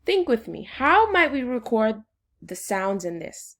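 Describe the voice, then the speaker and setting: A woman teacher leading a phonics lesson for children, slowly and encouragingly sounding out syllables. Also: a little high, sing-song, a bit bright.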